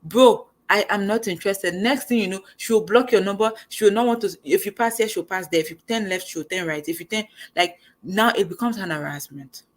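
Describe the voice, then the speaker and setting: A young woman giving a casual motivational talk as host, animated and conversational. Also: mid-range voice, fairly quick, hardly any pauses. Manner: animated, conversational, acts out quoted lines.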